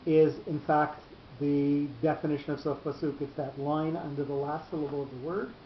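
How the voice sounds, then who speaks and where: Guy teaching a torah reading class, patient and slow, kinda muffled echoey recording. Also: fairly high pitch, flat delivery, slight background noise. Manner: patient, explanatory, drawn-out pauses. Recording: echoey room, muffled lo-fi sound.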